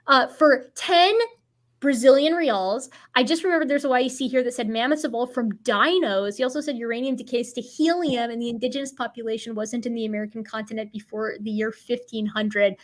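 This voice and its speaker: A woman hosting a livestream, reading out donations in casual, playful chat with quick chuckling asides. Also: a little high. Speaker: livestream host.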